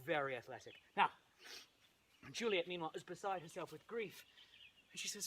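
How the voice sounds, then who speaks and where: A man performing a comic retelling of a play, playful and animated, with asides and sound effects. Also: on the high side, normal speed, long pauses, slight background noise. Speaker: comedic Shakespeare performer. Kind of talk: comic storytelling with props.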